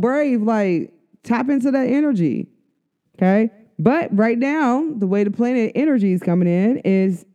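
A woman's mellow, warm voice with a smooth, clean tone talks through an astrology update. She is chatty and casual, speaks straight to her viewers and laughs often. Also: mid-range voice. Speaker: astrology and oracle reader.

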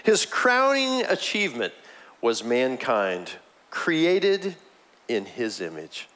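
Animated man preaching a sermon. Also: slow pace. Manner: animated, swinging between high emphatic lines and low quiet ones; conversational, with asides and chuckles. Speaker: pastor.

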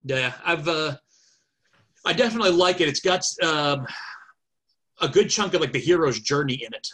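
A man's voice: a little high, expressive, moderate pace, sharp tone, slightly rough. A man chatting on a podcast over a video call, talkative and thinking aloud with many fillers. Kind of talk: casual chat.

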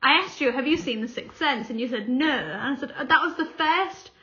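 A woman's voice: high-pitched, expressive, fairly quick, pushed and bright, lo-fi sound. A young woman co-hosting a podcast, telling stories in casual chat and acting out quotes with frequent laughter. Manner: chatty storytelling, acts out quotes, laughs often. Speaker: podcast co-host.

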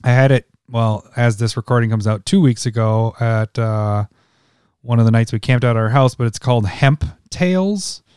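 A man's voice: mid-range voice, normal speed, darkish tone, clear, resonant tone, no echo, clean studio sound. Laid-back man chatting, laughing often. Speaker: podcast co-host. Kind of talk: casual chat.

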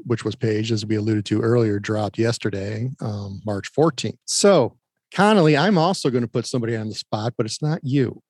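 A man's voice: mid-range voice, darkish tone, no echo. Friendly man hosting a podcast, dry sound. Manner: friendly, setting up segments. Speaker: podcast host. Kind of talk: podcast interview.

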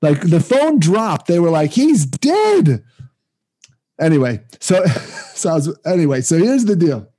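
A man's voice: fairly high pitch, big pitch swings, moderate pace, hardly any pauses, mellow. A man co-hosting a casual faith talk, chatty and laughing often, retelling a scripture story with restarts. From Jewish community, reads weekly Torah portion. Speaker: podcast co-host. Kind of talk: casual conversation about faith.

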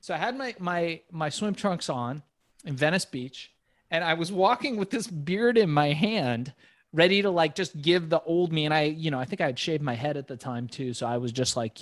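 A man telling a long animated story as a podcast guest, swearing freely and breaking into laughter. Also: a little high, no echo, clean studio sound. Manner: profane, animated, quick laughs.

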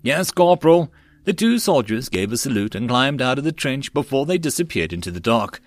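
A man reading a web novel aloud as an audiobook narrator in a steady way. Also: medium pitch, fairly quick, no echo.

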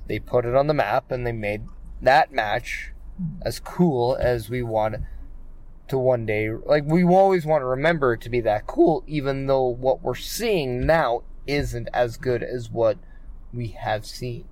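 A man co-hosting a casual podcast about wrestling. He talks at a middling pitch and rambles, piling up fillers and restarting his sentences as he works through each thought. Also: measured pace, a little mellow. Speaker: podcast co-host.

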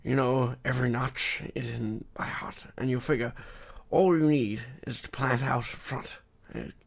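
Noir voiceover: a man playing a brooding hard-boiled insurance man, gravelly and through the teeth, half whispered in spots. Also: medium pitch, fairly even intonation, measured pace. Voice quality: gravelly, spoken through the teeth, mock-theatrical. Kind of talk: film noir voiceover impression.

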